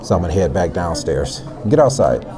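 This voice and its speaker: A man's voice: low voice, very animated, a little fast, over music. A man narrating a casual travel vlog, talking to the camera as he climbs narrow stairs, out of breath. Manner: chatty, breathless commentary while climbing stairs. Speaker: travel vlogger. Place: inside a stone tower and outdoors at a canyon rim.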